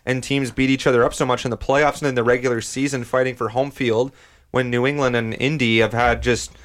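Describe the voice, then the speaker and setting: Man, sports talk host, argumentative, walks through the math step by step, mid-pitched. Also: flat delivery, brisk. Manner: argumentative, lays out standings step by step. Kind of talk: casual sports debate.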